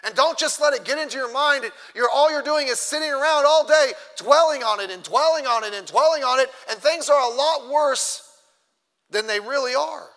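A man preaching a sermon as pastor, emphatic, swinging between loud and soft. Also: extremely high pitch, normal speed. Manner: emphatic preaching, rising and dropping in loudness. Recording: long hall reverb.

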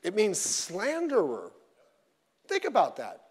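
A man preaching a sermon in a conversational, animated way, acting out what people say. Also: high voice, slow, breathy edge. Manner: conversational, animated, acts out quoted voices. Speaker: pastor. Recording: long hall reverb.

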